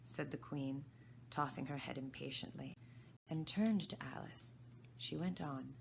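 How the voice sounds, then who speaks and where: A woman volunteer reading a storybook aloud in a gentle, unhurried way, sometimes dropping to soft whispers. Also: low voice, creaky, slight background noise. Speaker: volunteer reader. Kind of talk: storybook narration.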